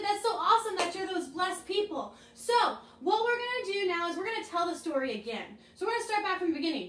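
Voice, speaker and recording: A woman leading children's chapel, telling a Bible story and slowly modeling lines for the kids to repeat. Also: very high-pitched. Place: room with air freshener. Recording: echoey room, mic at a distance.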